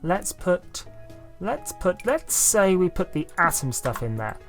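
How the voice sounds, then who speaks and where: A man's voice: high-pitched, big pitch swings, unhurried, faint music behind. A man from the south of England with a Southern English accent, chatting in a rambling, self-deprecating way as he narrates his game build. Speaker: YouTuber building in a life-sim game. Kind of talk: casual gameplay commentary.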